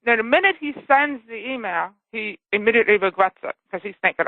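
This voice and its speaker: A woman author telling a personal story as an earnest guest, often checking in with a quick "okay?". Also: on the high side, expressive, dry recording. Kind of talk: phone interview, personal story. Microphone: telephone. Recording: tinny phone line.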